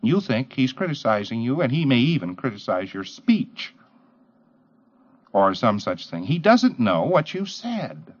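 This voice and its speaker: On dull, lo-fi old tape, a man lectures trainees in a mid-range, sing-song voice that runs a little slow. He's emphatic, firing off rhetorical questions and mimicking the people he describes.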